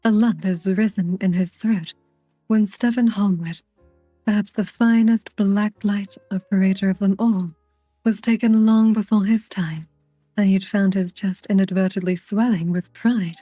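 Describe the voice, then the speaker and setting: A woman reads a novel aloud in a soft, close ASMR manner, breaking off now and then to tease her co-reader. Her voice is mid-pitched and sits dry against the mic, with faint music underneath. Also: no room sound. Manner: soft-spoken reading with playful teasing asides. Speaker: streamer and host reading aloud. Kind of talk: ASMR book reading.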